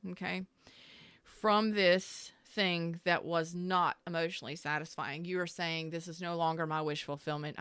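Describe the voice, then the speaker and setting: A woman's voice: lowish voice, fairly bright tone, clear, resonant tone, no echo. A woman doing a casual tarot reading to camera, blunt and sassy, acting out what the listener might be thinking. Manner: blunt, sassy, emphatic, acts out the listener's inner voice. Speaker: tarot reader.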